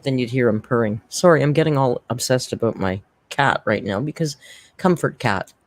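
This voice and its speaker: A woman's voice: a bass voice, normal speed. A woman hosting a casual livestream from home, rambling and chatty as she thanks chat members, on a desk microphone. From Canada. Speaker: livestream host.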